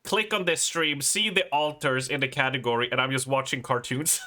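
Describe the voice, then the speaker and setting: A man's voice: medium pitch, moderate pace, sharp tone. A man, chatting casually and rambling on a live stream, laughing and swearing as he goes. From Sweden.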